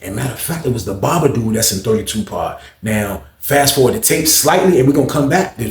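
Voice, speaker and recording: A man's voice: medium pitch, echoey room. A man telling a long personal story to the camera, slangy, profane and conversational. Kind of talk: storytelling monologue.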